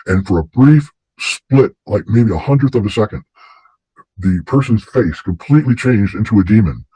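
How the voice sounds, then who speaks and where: A man's voice: lowish voice, fast talker, warm tone, breathy edge, no room sound, low-quality recording. A man hosting a casual talk show, telling stories in a rambling way with many restarts. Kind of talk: casual conversation.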